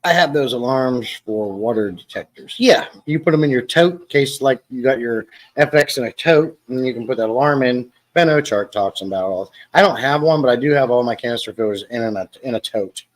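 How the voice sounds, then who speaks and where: A man's voice: medium pitch, fairly quick, few pauses, poor audio. Rambling, jokey man hosting a live stream. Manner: rambling and jokey, answering chat and people at home. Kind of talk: casual live-stream chat. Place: home.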